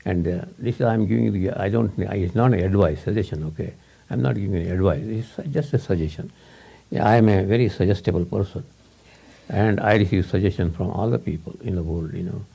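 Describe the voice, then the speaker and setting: Speaking English as his second language, a spiritual teacher delivers a casual talk to students in a low, gravelly, mellow voice with a bit of huskiness. His pace is a little quick, and he wanders, repeats words, and chuckles between thoughts.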